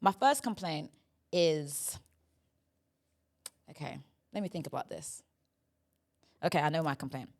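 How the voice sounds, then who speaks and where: A woman's voice: low-pitched, lively intonation, measured pace, long pauses. A woman hosting a comedy podcast in casual chat, playful and chatty, often saying "do you know what I mean". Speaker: podcast host.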